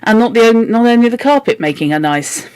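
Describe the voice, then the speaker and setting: A woman's voice: on the high side, expressive, brisk, a little mellow, clean tone, no room sound, voice pushed up, natural voice. A woman reading the part of a plain-spoken young boy who grumbles. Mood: thoughtful.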